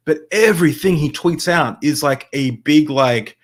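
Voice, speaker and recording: Male guest, fairly high voice, rambling and filler-heavy. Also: normal speed. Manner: rambling, many fillers, voice rises when excited. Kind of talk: casual chat.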